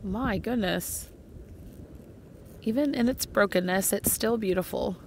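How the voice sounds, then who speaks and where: A woman vlogger narrating her beach walk, gently admiring each shell she picks up. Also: mid-range voice, a little slow, slight background noise. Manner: gentle, admiring commentary on finds.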